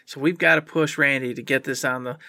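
A man's voice: medium pitch, steady tone, a little fast, sharp tone, no room sound, studio quality. A man co-hosting a casual podcast, emphatic and joking, with hype-man energy. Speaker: podcast co-host.

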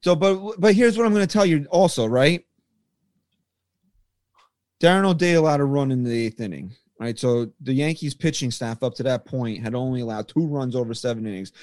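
A man's voice: mid-range voice, normal speed, a little mellow, no echo, clean studio sound. A man co-hosting a sports podcast, blunt and agitated, swearing as he argues. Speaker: podcast co-host. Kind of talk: heated sports podcast rant.

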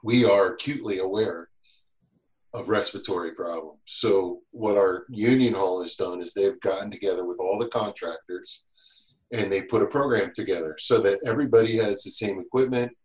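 A man chatting as a podcast guest, telling lively stories and acting out what others said. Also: lowish voice, moderate pace, roomy sound, poor audio. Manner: animated storyteller, acts out quotes. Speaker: guest, safety instructor. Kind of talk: casual podcast chat.

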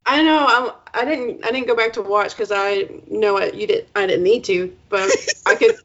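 A woman's voice: mid-range voice, moderate pace, a bit bright. A woman hosting a podcast, wry and self-mocking as she rambles. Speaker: podcast host. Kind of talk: casual podcast chat. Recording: dull lo-fi podcast mic.

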